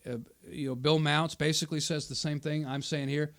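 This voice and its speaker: A man on the high side, with a gravelly yet fairly bright tone, talks a little fast in a level tone. Hosting his channel, he gives argumentative commentary on a debate video, combatively rebutting an opponent's quoted remarks and repeating his points.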